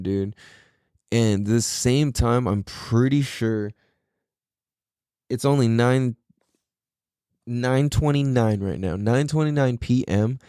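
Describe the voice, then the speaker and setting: A man's voice: medium pitch, mellow, no echo, clean studio sound. A tired young man hosting a casual solo podcast, talking in a laid-back, slangy way with a lot of swearing. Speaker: podcast host.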